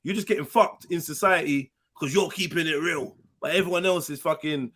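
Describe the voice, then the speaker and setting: A man talks in a fairly high voice, full of street slang and quick asides. He is hosting a casual panel discussion and speaks with animated conviction. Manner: animated, slang-heavy, acts out quoted voices. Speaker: panel host.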